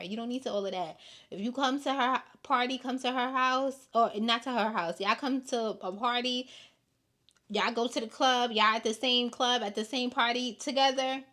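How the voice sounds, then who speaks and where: A young woman hosting a podcast, giving blunt, animated gossip commentary and repeating her points for emphasis. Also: fairly high pitch. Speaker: podcast host.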